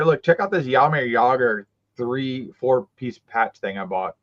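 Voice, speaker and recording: A man rambles through casual talk about trading cards, stopping and restarting often. His voice sits at an ordinary pitch. The stream audio is dull and lo-fi. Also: lively intonation, measured pace, fairly bright tone. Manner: rambling with many fillers and restarts. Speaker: co-host of a trading card stream. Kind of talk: casual chat.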